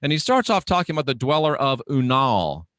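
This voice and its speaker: A man's voice: mid-range voice, sing-song, a little fast, fairly bright tone, no echo, studio quality. Earnest, effusive male livestream host. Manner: earnest, effusive, repeats phrases. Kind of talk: casual spiritual livestream talk. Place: home studio room.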